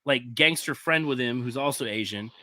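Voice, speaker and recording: A man, a film producer, telling a profane, animated anecdote as a guest on a podcast. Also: mid-range voice, moderate pace, dry recording. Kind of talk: podcast storytelling.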